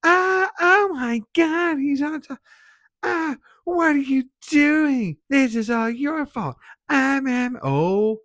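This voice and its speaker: A man mimicking a shrill, obnoxious teenage girl from a horror film who screams her every line. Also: very animated, takes it slowly, no echo, clean studio sound, exaggerated voice. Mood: panicked screaming. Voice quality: high-pitched shrieking.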